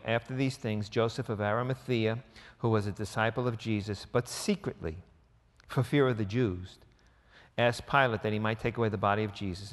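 A man preaching a sermon in a relaxed, conversational way, acting out quoted lines with sarcastic voices. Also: on the low side, big-room sound. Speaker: pastor.

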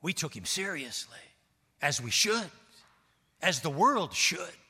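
A man's voice: on the high side, sing-song, slow pace, bright, forceful tone, husky. A male pastor preaching an emphatic sermon and calling on the congregation for responses. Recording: long hall reverb.

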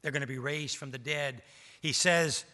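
High, bright-voiced preacher man in a reverberant hall. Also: steady tone, normal speed. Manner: preaching with rising emphasis and rhetorical questions. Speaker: pastor. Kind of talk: sermon.

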